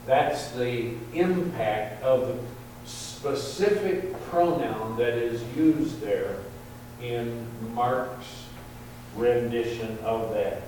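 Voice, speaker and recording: A man preaching a sermon, slow and deliberate, lifting his voice on quoted verses. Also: mid-range voice, darkish tone. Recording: very echoey hall, distant mic, faint hum.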